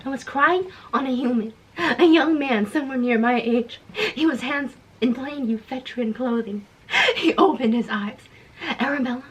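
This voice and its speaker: Breathy young woman reading aloud, amused. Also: sits high, normal speed, rough recording. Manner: amused, reads with dramatic voices, cracks up laughing. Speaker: vlogger reading her childhood book. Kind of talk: reading aloud with joking asides.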